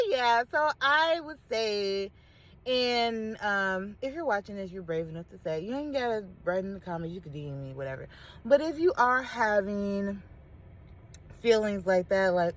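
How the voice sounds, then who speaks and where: Candid animated woman in her thirties. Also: medium pitch, normal speed. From Chicago. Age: 30s. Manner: candid, animated storytelling with slangy asides and laughs. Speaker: vlogger. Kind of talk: casual talk to camera.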